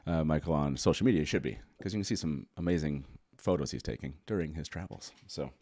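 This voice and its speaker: A man's voice: a bass voice, fast, mellow, no echo. A man hosting a casual live talk show, rambling and correcting himself with a chuckle. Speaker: host.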